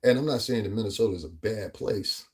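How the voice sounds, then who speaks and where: Low husky-voiced man ranting on his vlog. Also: fast talker, a little mellow. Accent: New York area. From US Northeast tri-state area. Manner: rambling, emphatic, frequent "you know what I'm saying". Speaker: vlogger. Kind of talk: casual commentary vlog.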